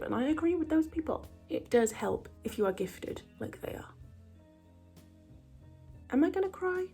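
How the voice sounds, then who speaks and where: A woman's voice: fairly high pitch, animated, normal speed, warm tone, soft background music. A woman vlogging a makeup tutorial in a put-on American accent, chatty and teasing herself, sometimes dropping to a whisper. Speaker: beauty vlogger. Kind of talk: casual makeup tutorial chat.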